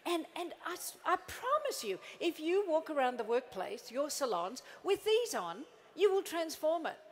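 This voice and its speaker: A middle-aged woman giving a motivational keynote to a live audience at tables. She is playful and animated, acts out little quoted scenes and coaxes the crowd to join in. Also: high-pitched, moderate pace, a little hiss or hum. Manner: coaxing the crowd into joining in. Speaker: motivational speaker.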